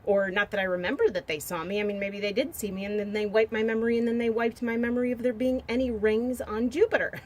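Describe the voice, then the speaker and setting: A woman's voice: on the high side, fairly even intonation, quick pace, few pauses. A woman in her forties talks casually to camera, rambling and joking in a half-serious way and musing aloud as she browses pictures. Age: 40s. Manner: muses aloud while browsing pictures on screen. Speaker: vlogger.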